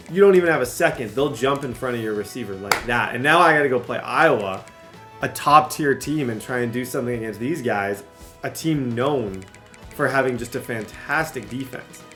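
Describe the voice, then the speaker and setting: A young man talks loosely over his own football gameplay, looping back to blame himself for his mistakes. His middle-pitched voice climbs into loud yelling on big plays, with faint music playing behind him. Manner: rambling, self-critical, bursts into excited yelling. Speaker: gaming youtuber. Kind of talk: casual gameplay commentary.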